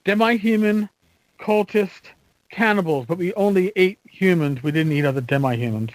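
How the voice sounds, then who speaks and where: A man's voice: high-pitched, poor audio. A man co-hosting a podcast, telling stories in casual chat with lots of fillers and restarts. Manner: animated storyteller, halting with fillers. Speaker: podcast co-host.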